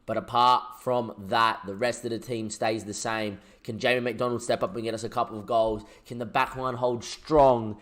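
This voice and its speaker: A man, commentating his own football management game as a let's play, shouting when goals go in. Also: mid-range voice, flat delivery, moderate pace, hardly any pauses. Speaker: gaming YouTuber.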